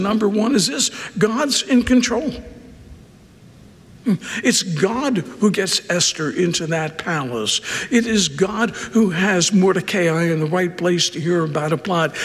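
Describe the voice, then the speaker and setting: A man preaching a sermon, talking conversationally, with dramatic swings from loud emphasis down to a hushed near-whisper. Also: high-pitched, long reverb tail. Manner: conversational asides and repetition. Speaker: pastor.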